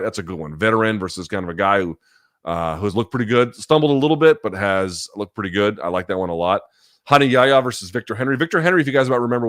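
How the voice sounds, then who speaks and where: A man's voice: on the low side, a bit bright, no room sound, clean studio sound. A man in his forties hosting a live chat show, reading out viewer questions and answering bluntly, with casual profanity and a habit of thinking aloud. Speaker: host.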